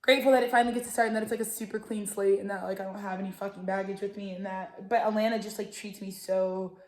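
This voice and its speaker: A woman's voice: medium pitch, little pitch movement, fast talker. Chatty profane woman in an echoey room. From Texas. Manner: chatty and profane, lots of fillers, scolding a dog. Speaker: tarot reader and show host. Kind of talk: casual livestream tarot reading.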